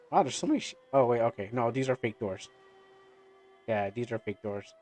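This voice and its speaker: A man's voice: mid-range voice, animated, normal speed, a little mellow, soft background music. A man streaming a game, rambling through casual commentary with lots of fillers and restarts. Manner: rambling, many fillers and restarts, laughs often. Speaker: gaming streamer.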